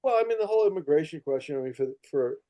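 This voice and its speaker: A man of Irish heritage, a guest in a casual talk, speaking in a halting, reflective and wry way. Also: fairly high pitch, lively intonation, warm tone. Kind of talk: casual political chat.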